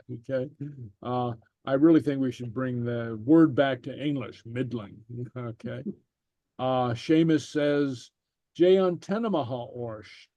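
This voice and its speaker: A man teaching a Gaelic class online, reading slowly and patiently with lots of fillers. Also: medium pitch, mellow, dry recording, highs cut off. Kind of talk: online language lesson.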